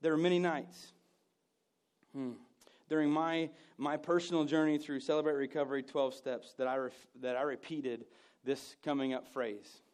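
A man preaching a conversational sermon, self-mocking, with loud emphatic bursts and hushed asides. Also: a little high, steady tone, normal speed.

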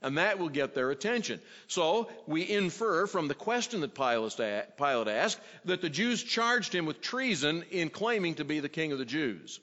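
A man preaching an expository sermon, teaching at a measured pace and acting out the quoted questions. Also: a little high, very animated, a bit bright. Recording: dull sound in a reverberant hall.

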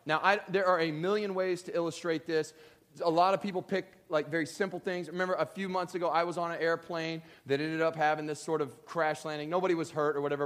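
A male preacher in full sermon, talking straight to the congregation in a slightly higher-than-usual voice. He is earnest and personal, and he swings into loud, animated emphasis to press his points home. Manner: earnest, direct address to the congregation, builds to animated emphatic bursts.

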